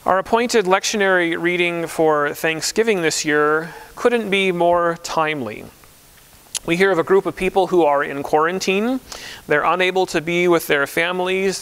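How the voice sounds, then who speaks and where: A man's voice: sits high, a bit bright, smooth. A man who is a pastor, preaching a conversational, story-driven sermon. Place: church.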